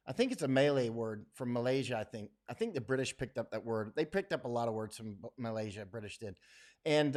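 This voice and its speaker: A middle-aged man hosting a casual livestream, talking bluntly and with strong opinions, often dropping his voice low and quiet at the ends of phrases. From United States. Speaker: livestream host.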